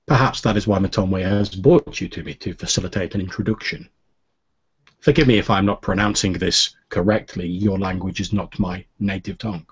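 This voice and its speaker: A grave, courteous masked worshipper of fate speaks quietly in a slightly foreign-sounding accent, as a man puts him on. The voice sits low and husky. The recording sounds a little dull. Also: steady tone, normal speed. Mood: grave, polite. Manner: formal, soft-spoken.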